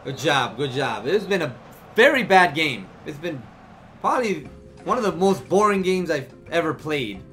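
A man giving live commentary on his own video game play, excitable and often frustrated, tossing in "man" and "yo" a lot. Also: a little high, normal speed, soft background music. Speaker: gaming YouTuber.

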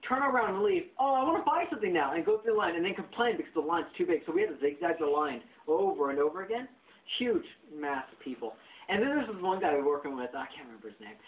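Dude ranting a work story on a podcast, voice jumps all over, sounds tinny like a phone. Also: male voice, a little high, fast talker, far from the mic. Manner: animated, profane, acts out quotes. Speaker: podcast host. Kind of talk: casual storytelling chat.

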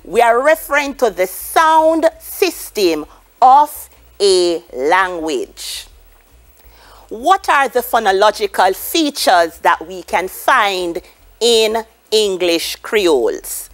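A woman's voice: mid-range voice, big pitch swings, slow. A Jamaican woman teaching a televised lesson, explaining each point and then giving Creole example sentences. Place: TV studio.

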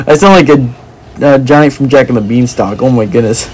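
A man commenting on his own gameplay in an excitable way, with frequent exclamations and repeated phrases. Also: medium pitch, moderate pace, husky, poor audio. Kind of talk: let's play commentary.

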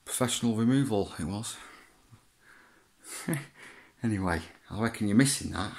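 A man's voice: lowish voice, lively intonation, moderate pace, creaky, a little mellow. Rambling, swearing man. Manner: rambling, chatty, swears freely, laughs often. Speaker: vlogger. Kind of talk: casual chat, talking to an absent child.

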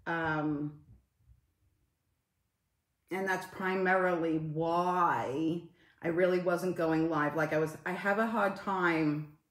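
A woman's voice: fairly low pitch, steady tone, takes it slowly, pauses often, echoey room. A woman on a casual live stream, swearing a lot and greeting viewers in the middle of her story.

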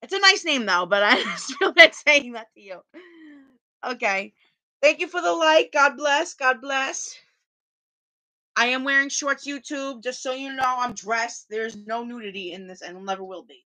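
This vlogger's voice sits on the high side, pushed and bright at a moderate pace, as she streams a workout from a small room at home. Chatty and rambling, she keeps restarting sentences while talking to her live chat, captured roughly on a phone or camera.

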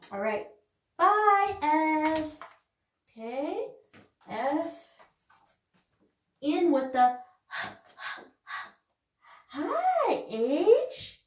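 A woman teaching young children in a video lesson, talking slowly and encouragingly in a sing-song way. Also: high voice, distant mic. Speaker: preschool teacher. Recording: echoey room, off-mic.

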